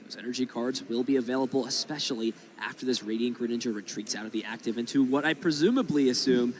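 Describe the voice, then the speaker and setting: Male co-commentator, mid pitch, explains plays at length, faint background hum. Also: fast talker. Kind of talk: live card game commentary.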